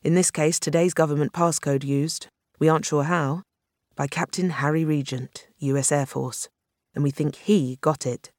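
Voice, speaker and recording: A man's voice: fairly high pitch, steady tone, normal speed, no room sound, close to an everyday voice. A reader playing a tired fifty-ish police commander, grave and matter-of-fact. He delivers bad news plainly. The sound is dry and close. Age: 50s. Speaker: police superintendent.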